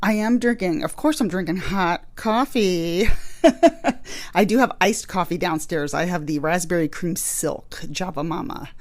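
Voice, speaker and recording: A woman's voice: lowish voice, a little slow. A woman hosting a true crime podcast, chatting casually and rambling a bit, a little out of breath. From Illinois, USA. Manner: chatty, rambling, laughs easily. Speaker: podcast host. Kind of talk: casual chat. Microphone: studio microphone.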